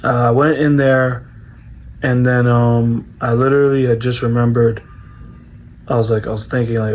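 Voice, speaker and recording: A man's voice: mid-range voice, level tone, normal speed, lo-fi sound, slight background noise. Rambling young man telling a story. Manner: rambling, repeats words, heavy fillers like "bro" and "like". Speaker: vlogger. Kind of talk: casual personal storytelling.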